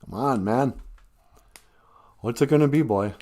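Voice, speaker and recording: Unhurried Minnesotan man joking around. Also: medium pitch, dark tone. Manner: rambling, joking, laughs at his own jokes. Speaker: host. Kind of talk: comedic live-stream monologue.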